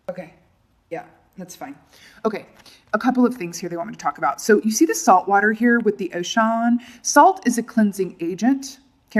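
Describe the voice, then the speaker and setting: A woman's voice: mid-range voice, fairly bright tone. A middle-aged woman giving a casual tarot reading, chatty and theatrical, talking straight to the viewer and calling them honey and darlings. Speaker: tarot reader.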